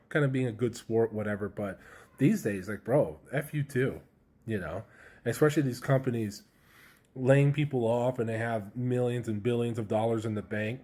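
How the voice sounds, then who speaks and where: Speaking to camera in a mid-range, slightly mellow voice, a man shares a personal story. He's candid and chatty, using slang and plenty of fillers.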